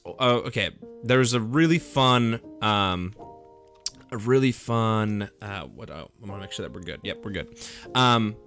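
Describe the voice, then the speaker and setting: Young man, game streamer, rambling casual chat, upbeat, mid-pitched voice, faint music behind. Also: fairly bright tone. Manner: rambling, upbeat, thinks aloud while playing. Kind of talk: casual live gameplay chat. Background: faint background music.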